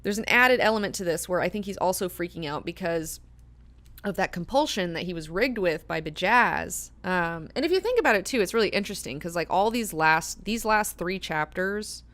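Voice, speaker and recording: Animated, foul-mouthed woman hosting a book club. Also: fairly low pitch, moderate pace. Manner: animated and profane, acting out characters' lines. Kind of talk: casual book club discussion.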